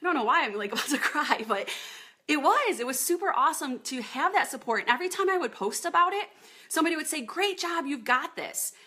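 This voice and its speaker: A woman's voice: high-pitched, lively intonation, quick pace, sharp tone. A woman in her thirties, a fitness coach chatting casually on a live video from her home office, greeting viewers by name as she talks.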